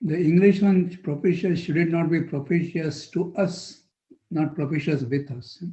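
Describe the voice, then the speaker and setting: A man's voice: on the high side, moderate pace, warm tone, muffled recording. A man attending a scripture class, politely offering a correction.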